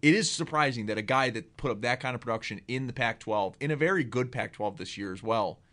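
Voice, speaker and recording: A man co-hosting a football draft broadcast, trading opinions in loose, casual sports chatter. He talks in quick bursts and often trips over himself before landing his point. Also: mid-range voice, fairly bright tone. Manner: quick, opinionated, restarts a lot. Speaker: co-host of a draft show.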